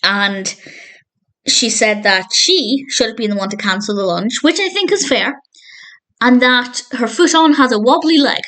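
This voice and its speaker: A woman's voice: fairly high pitch, lively intonation, a little slow, fairly bright tone. A woman reviewing a TV episode in a casual spoken style, retelling scenes with thoughtful, enthusiastic commentary and small self-corrections. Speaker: film and TV reviewer.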